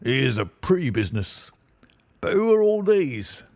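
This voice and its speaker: A man voicing a stout, blustering middle-aged police inspector with a muffled, husky, wheezing voice in an audiobook. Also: mid-range voice, sing-song, unhurried, darkish tone, no room sound, pitched above the performer's own voice. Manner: pompous, brash and self-satisfied. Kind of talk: audiobook reading.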